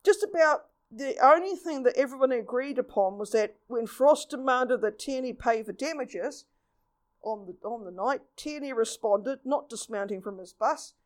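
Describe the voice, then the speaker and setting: A woman giving a lively local history talk, reading old newspaper reports and acting out quotes. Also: on the high side, moderate pace.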